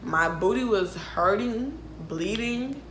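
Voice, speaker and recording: Frank, animated young woman vlogger. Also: mid-range voice, takes it slowly, roomy sound, slight background noise. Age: 20s. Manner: animated, frank and profane, laughs often. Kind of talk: casual storytime monologue.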